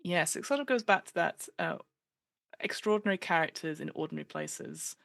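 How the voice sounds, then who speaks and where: Fast, gravelly-voiced woman guest. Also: low voice, no room sound. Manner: animated, acts out quoted voices, many fillers. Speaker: podcast guest, improviser. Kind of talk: casual podcast chat.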